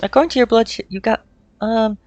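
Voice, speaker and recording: A woman streamer chatting casually while playing a game, excitable and swearing freely. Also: on the high side, a little fast, dry recording. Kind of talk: casual gameplay chat. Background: faint game music.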